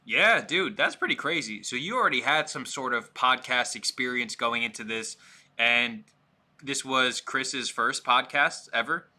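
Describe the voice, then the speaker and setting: A man hosting a casual podcast interview, with a strikingly bright, forceful tone. He sounds eager and laughs easily at his guest's stories. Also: medium pitch, lively intonation, a little slow. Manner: enthusiastic, laughs often. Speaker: podcast host.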